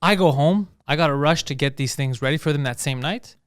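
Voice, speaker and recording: Male podcast host, rapid-fire comic storyteller, clean crisp voice, foul-mouthed and exasperated. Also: on the high side, no echo, clean studio sound. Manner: animated, profane, exasperated. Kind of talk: casual comedic storytelling.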